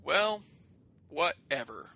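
A man's voice: on the high side, very animated, slow pace, vocal fry, bright, forceful tone. A man co-hosting a podcast in casual chat, mock-boastful and theatrical as he jokes with his friends. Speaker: podcast co-host.

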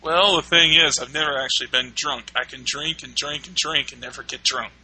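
A man's voice: fairly high pitch, fairly even intonation, brisk, creaky, pushed and bright, rough recording. A man guesting on a casual podcast, joking and mildly boastful. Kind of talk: casual chat. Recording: crowd noise behind.

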